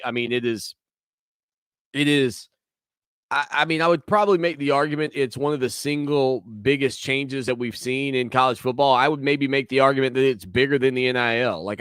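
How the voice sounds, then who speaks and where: A man hosting a sports talk show, giving rambling, animated opinions with frequent restarts and repeated words. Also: mid-range voice, clean tone, dry recording, clean studio sound. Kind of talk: casual sports talk monologue.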